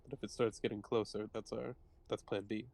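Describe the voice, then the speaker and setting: A man's voice: on the low side, level tone, brisk, vocal fry, a little mellow, slight background noise. A man playing a tabletop game, talking casually with frequent fillers and laughs. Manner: chatty, laughing, lots of fillers. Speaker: player.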